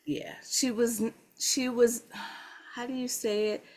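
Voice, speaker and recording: A woman's voice: on the high side, level tone, slow pace, a little mellow. A woman in a casual panel chat who hesitates while looking for the right words. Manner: hesitant, hunts for English words.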